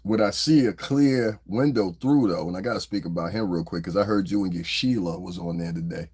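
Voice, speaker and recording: A New Jersey man hosts a podcast, delivering a casual commentary monologue as a loose, profane storyteller who laughs along the way. His voice sits low and sounds a little mellow and husky, and he talks briskly.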